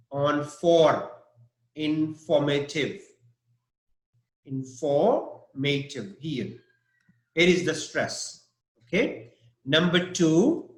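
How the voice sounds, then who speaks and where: Slow, patient man teaching vocabulary. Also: fairly high pitch, a bit bright, reverberant. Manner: slow, patient, spells words out letter by letter. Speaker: English teacher. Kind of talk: online vocabulary lesson.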